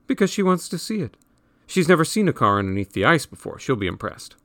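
A man's voice: fairly high pitch, big pitch swings, quick pace, a bit bright, dry recording, voice pushed up. A man voicing a worldly, lecturing teenage older brother who explains everything in a slightly raised, dry-recorded voice. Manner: bossy, explaining.

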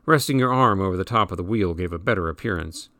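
A man reading a novel aloud in measured, wry audiobook narration. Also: deep voice, expressive, bright, forceful tone, no echo, clean studio sound.

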